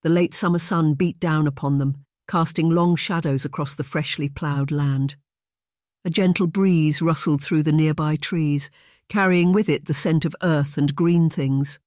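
An audiobook narrator reading a period romance in a measured, even way. The voice sits at a middling pitch. The recording is dry and close. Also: no room sound. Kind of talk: scripted narration.

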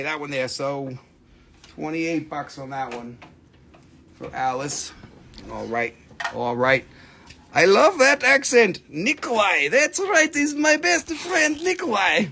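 A man's voice: fairly high pitch, gravelly, slight background noise. Rowdy joking man selling crystals. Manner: loud, joking, swearing, rambling banter. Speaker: live-stream crystal seller. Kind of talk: casual live sales stream. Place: shop or home stream setup.

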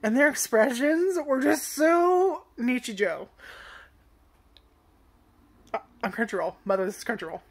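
A woman's voice: fairly high pitch, lively intonation, a little slow, pauses often. A woman casually chatting about an anime's first episode, rambling, swearing often and laughing at her own jokes. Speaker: anime reviewer. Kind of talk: casual chat.

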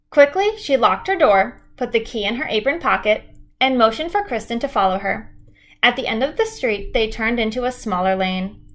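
Teacher reading a storybook aloud. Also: female voice, a little high, fairly bright tone. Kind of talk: reading a children's chapter book aloud.

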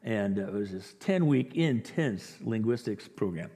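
A man's voice: on the low side, a little slow. Male pastor preaching in a reverberant hall. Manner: animated storytelling, acting out quotes with chuckles. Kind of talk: sermon. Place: church sanctuary. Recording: long reverb of a large hall.

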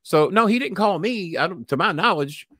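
A man's voice: high voice, animated, moderate pace, fairly bright tone, husky, no echo, clean studio sound. An older man with a cough, telling a story bluntly and with heavy swearing. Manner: blunt, swears freely, acts out voices. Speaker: podcast guest. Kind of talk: profane storytelling.

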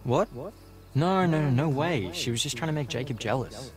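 An actor voicing a sheepish, defensive young camp counselor in a video game. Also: male voice, medium pitch, animated, normal speed, close to an everyday voice. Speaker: game character. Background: game music.

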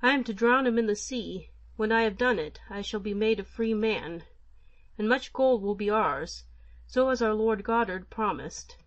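A woman's voice: medium pitch, normal speed, highs cut off, natural voice. A woman voicing a humble male fisherman and servant who speaks earnestly. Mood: plain.

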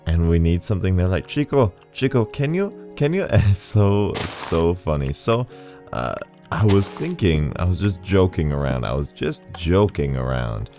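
A man's voice: deep voice, expressive, normal speed, dark tone. A man hosting a gaming video, chatting casually and rambling, laughing often as he plays. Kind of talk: casual gameplay commentary. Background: faint game music.

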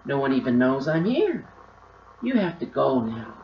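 A woman's voice: a bass voice, very animated, a little slow, a little hiss or hum, heavily acted. A woman voicing a stern reclusive old attic keeper. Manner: stern, grumbling. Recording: roomy, slightly dull recording.

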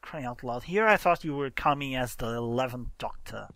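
A man's voice: mid-range voice, normal speed, a bit bright, no echo, clean studio sound. A man hosting a casual let's-play, explaining game mechanics and exclaiming in exasperation as he plays with a friend. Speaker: gaming channel host.

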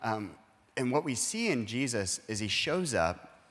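Earnest pastor in a reverberant hall. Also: male voice, medium pitch, big pitch swings, a little slow, fairly bright tone. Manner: earnest, explanatory, acts out quoted dialogue. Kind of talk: conversational sermon discussion. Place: church auditorium.

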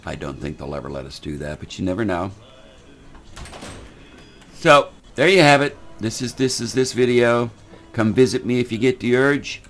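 A man's voice: medium pitch, expressive, normal speed, pauses often, a bit bright, soft background music. An older man, giving folksy, rambling casual commentary while playing a game, often repeating words. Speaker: gaming channel host.

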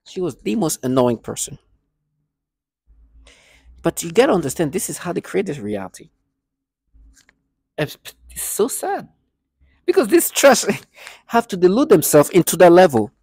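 A man's voice: high voice, very animated, moderate pace, long pauses, a little mellow, husky, dry recording, clean studio sound. A man ranting in a vlog monologue, agitated and scornful, repeating himself often. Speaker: vlogger.

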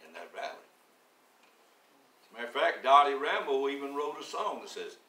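A man in his seventies preaching a sermon, telling his story slowly and deliberately, then building to emphatic, rising declarations. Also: mid-range voice, lively intonation, bright, forceful tone, roomy sound, distant mic. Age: 70s. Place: church sanctuary.

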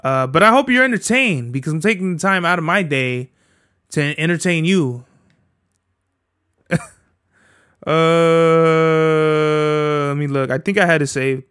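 A man's voice: a little high, slow, long pauses, a bit bright, clean tone, no room sound, clean studio sound. A man hosting his own podcast from home, chatting in a rambling, profane, slang-heavy way. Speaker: podcast host. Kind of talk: casual solo podcast chat.

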